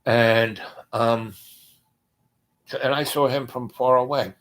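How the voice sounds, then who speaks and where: A man casually telling a personal story, rambling and hesitant with many pauses and restarts, going quiet when he quotes others. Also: medium pitch, fairly even intonation. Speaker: podcast host.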